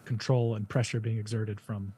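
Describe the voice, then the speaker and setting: A man's voice: lowish voice, little pitch movement, moderate pace, mellow, slightly rough. A man co-hosting a live talk show, rambling casually and reading viewer comments aloud. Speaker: co-host reading viewer super chats. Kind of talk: casual live-stream chat.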